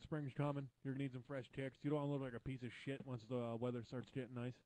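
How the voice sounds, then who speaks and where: A man's voice: mid-range voice, level tone, quick pace, dark tone. A man co-hosting a comedy show, chiming in with dry, joking remarks. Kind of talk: casual chat.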